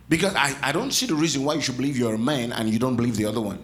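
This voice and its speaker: A man's voice: mid-range voice, very fast, hardly any pauses, fairly bright tone. A man preaching a sermon in a church, calling out to the congregation and teasing them with playful asides. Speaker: pastor.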